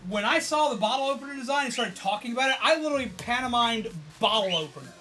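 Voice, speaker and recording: A high, bright male voice chatting away to his stream audience. He is excitable and a bit tired, swears freely and breaks into laughs as he rambles. Faint music hums behind him. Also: fast. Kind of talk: casual chat to viewers.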